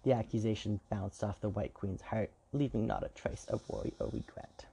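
A man reading a fairy tale aloud in an even, measured way. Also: lowish voice, creaky, slight background noise. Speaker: storyteller. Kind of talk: scripted fairy-tale narration.

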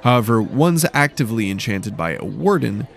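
A man reading a fantasy story aloud in a measured, steady, descriptive narration. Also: mid-range voice, creaky.

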